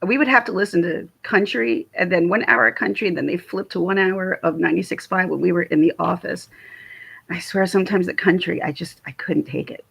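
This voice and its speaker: A woman's voice: on the low side, a little fast, creaky, a bit bright, husky. A middle-aged woman with a Philadelphia accent, chatting casually on a livestream and answering viewer comments. She is chatty, laughs often, and trails off and restarts. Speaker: livestream host. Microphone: phone or webcam livestream.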